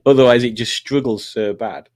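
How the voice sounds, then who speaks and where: A chatty man hosts a relaxed talk show, reading viewer comments aloud and laughing easily between them. His voice sits at an ordinary middle pitch. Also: normal speed. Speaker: podcast host. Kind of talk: casual chat.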